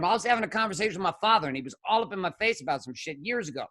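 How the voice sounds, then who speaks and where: Blunt, foul-mouthed male coach, very animated pitch, shifts from shouting to hushed intensity. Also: rapid-fire. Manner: blunt, profane, swings from shouting to low intensity. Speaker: podcast guest, men's coach. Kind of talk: impassioned conversational monologue.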